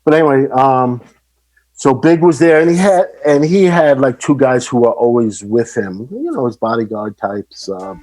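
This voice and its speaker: A man's voice: mid-range voice, moderate pace. A middle-aged man, a podcast guest, telling stories in casual chat and animatedly acting out the people he quotes. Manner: animated, acts out quoted voices. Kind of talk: casual storytelling.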